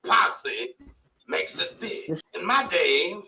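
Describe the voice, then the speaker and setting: Blustering profane old dad. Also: male voice, sits high, sing-song, takes it slowly, full character voice, poor audio. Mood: mocking. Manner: shouting, blustery, swearing. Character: brash older father, loud and profane. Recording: film audio played from a TV, picked up from across a room with noise.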